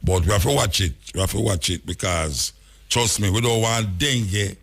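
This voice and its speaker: A man's voice: lowish voice, normal speed. A Jamaican man hosting casual talk radio, rambling through anecdotes in patois and chuckling often. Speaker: radio talk show host.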